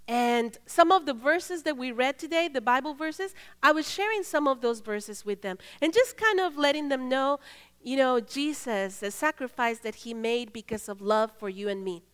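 A woman preaching in a church, telling a story earnestly and swinging between loud and hushed. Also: sits high, animated, normal speed, smooth, in a large hall. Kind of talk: sermon storytelling.

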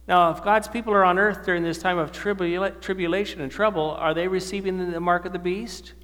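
A man's voice: high-pitched, fairly even intonation, fairly quick, fairly bright tone. A male preacher giving a sermon to a live audience, often asking them questions and answering them himself. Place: church or meeting hall with an audience. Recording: long hall reverb.

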